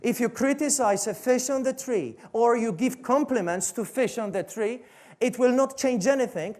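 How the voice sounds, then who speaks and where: A man's voice: extremely high pitch, moderate pace, a little mellow. Emphatic Polish-accented male coach. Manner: emphatic, rhetorical questions and repetition. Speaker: motivational coach. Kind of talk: motivational stage talk. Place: stage before a seated audience.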